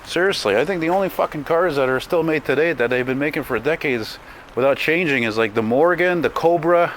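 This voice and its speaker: On a windy city walk, a vlogger grumbles profanely to his handheld camera in casual commentary. His voice sits a little high, fairly quick and fairly bright, against a background of street traffic and wind.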